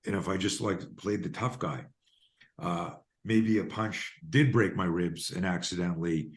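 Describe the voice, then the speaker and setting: A man's voice: deep voice, measured pace. A man in his fifties from Canada, telling stories emphatically as a podcast guest and self-defense coach. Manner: emphatic, animated storyteller. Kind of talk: podcast interview storytelling.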